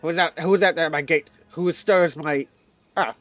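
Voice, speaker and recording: Man putting on a curt, suspicious old hag witch, gruff and scolding, a little low and soft. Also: normal speed, dry recording, soft background music, close to an everyday voice. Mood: impatient.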